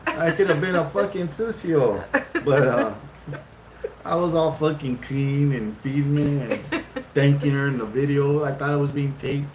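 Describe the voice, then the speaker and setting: A middle-aged man casually telling a long, funny story, swearing freely and jumping up in pitch for retold lines. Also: a little slow, noisy background. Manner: animated, profane, laughing often, jumps into high-pitched retellings. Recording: roomy echo.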